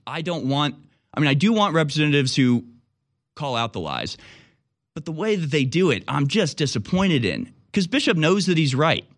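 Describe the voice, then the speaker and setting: A man's voice: on the high side, big pitch swings, moderate pace. A man hosting a political talk show, delivering indignant, sarcastic commentary.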